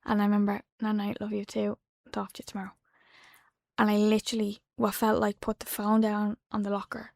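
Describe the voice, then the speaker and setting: A woman in her twenties with an Irish accent, a podcast guest telling a personal story in a soft, halting way that drops to a hush. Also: mid-range voice, completely flat delivery, gravelly, dry recording, clean studio sound. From Ireland. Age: 20s. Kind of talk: emotional personal account. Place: podcast studio.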